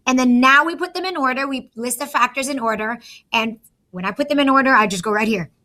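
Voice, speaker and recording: A woman's voice: sits high, fast, pushed and bright. A woman teacher patiently walking young students through a math lesson step by step.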